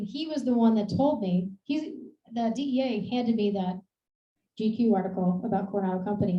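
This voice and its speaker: A woman's voice: a little high, a little hiss or hum. A woman from Maine giving a casual, rambling talk about her research to an audience. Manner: chatty, rambling, laughs at herself. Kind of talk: casual presentation with slides. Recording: echoey room, dull lo-fi sound.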